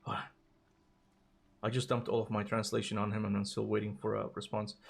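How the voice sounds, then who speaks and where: A man's voice: lowish voice, monotone, fairly quick, creaky. A man hosting a casual gaming live stream, rambling and interrupting himself, out of breath from climbing stairs.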